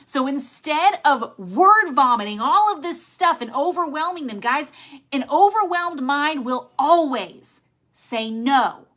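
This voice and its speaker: A woman giving motivational sales coaching in an energetic, emphatic way, telling listeners what to do. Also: high voice, slow pace. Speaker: network marketing sales trainer.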